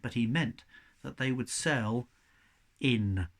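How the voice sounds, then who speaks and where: A man reading a children's novel aloud to young pupils, with a chatty, expressive manner. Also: mid-range voice, slow.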